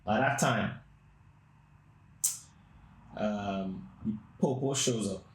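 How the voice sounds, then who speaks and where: A man's voice: fairly low pitch, extremely slow. A man hosting a podcast, telling a long story in a blunt, crude, rambling way. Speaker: podcast host. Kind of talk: casual storytelling. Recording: roomy echo.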